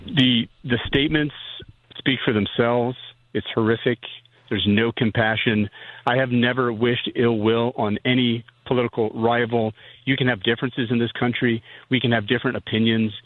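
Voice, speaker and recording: A man's voice: medium pitch, fairly even intonation, normal speed, no room sound. A middle-aged man, a physician guest, speaking earnestly and somberly in a phone-in interview. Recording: tinny phone line.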